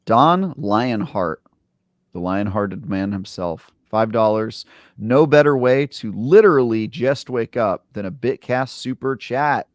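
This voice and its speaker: A man's voice: medium pitch, lively intonation, slow pace, dry recording, clean studio sound. A man co-hosting a casual gaming podcast, bantering playfully and cracking jokes. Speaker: podcast co-host. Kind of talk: casual chat.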